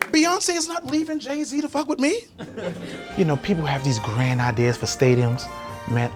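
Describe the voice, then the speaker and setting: A young man doing stand-up, telling brash, profane stories and shouting his punchlines, then talking calmly in an interview. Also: medium pitch. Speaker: stand-up comedian. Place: comedy stage before a live audience.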